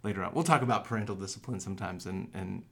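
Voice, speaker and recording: A man from Texas, a pastor co-hosting a podcast, talking in a relaxed, easygoing way and laughing easily. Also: deep voice, rapid-fire. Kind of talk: casual chat.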